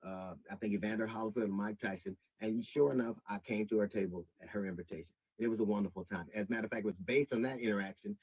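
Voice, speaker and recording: A middle-aged comedian making a public statement, measured at first and then indignant, with halting restarts. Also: male voice, fairly low pitch, fairly even intonation, darkish tone, husky, no room sound, rough recording.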